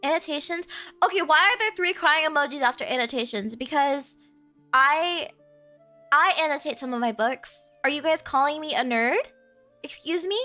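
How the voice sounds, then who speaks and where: A woman's voice: sits high, moderate pace, sharp tone, soft background music. A woman streamer chatting casually with her viewers, playful and teasing, often giggling.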